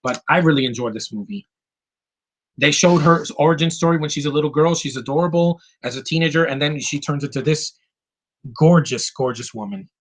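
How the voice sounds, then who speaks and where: A man with a somewhat high, husky voice gushes and grumbles through his favorite films of the year. He talks in loose bursts, swears casually and often backs up to restart a sentence. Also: brisk, rough recording. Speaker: movie reviewer. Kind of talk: casual film review rant.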